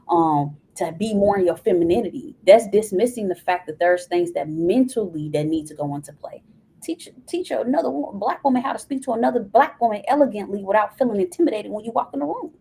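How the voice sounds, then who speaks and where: A woman's voice: mid-range voice, animated, brisk, gravelly, warm tone, slight background noise, poor audio. A woman guest on a podcast, talking earnestly and giving advice in casual conversation.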